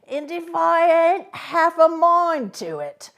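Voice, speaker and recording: A woman reading aloud, voicing a fearsome escaped male convict with a slow, loud, growling menace. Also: very high-pitched, big pitch swings, creaky, voice pushed up, heavily acted. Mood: menacing.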